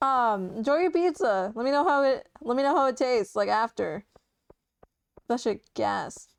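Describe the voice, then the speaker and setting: A woman's voice: on the high side, animated, normal speed, gravelly, no echo. A young woman streamer chatting casually while playing a game, swearing freely and talking to her chat. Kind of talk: casual gameplay commentary. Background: soft game music.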